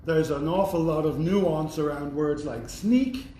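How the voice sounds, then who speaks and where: Pitched on the high side and warm in tone, this man speaks a little slowly as he gives a university lecture. His manner is reflective and chatty, sprinkled with dry humor, and the audio carries a roomy echo with faint noise behind it.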